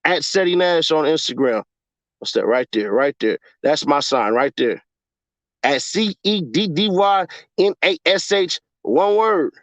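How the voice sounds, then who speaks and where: A young man chatting casually on a livestream and reading his chat aloud, cursing, laughing often, and jumping from mumbling to yelling. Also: a little high, animated, unhurried, no room sound. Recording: dull lo-fi dry sound.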